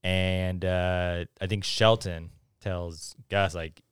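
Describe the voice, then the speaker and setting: A man's voice: deep voice, flat delivery, slow pace, smooth, no echo, clean studio sound. A man co-hosting a podcast, recapping a film in a laid-back, casual way with plenty of "um" and "like". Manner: laid-back, with many fillers like "um" and "like". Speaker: podcast co-host.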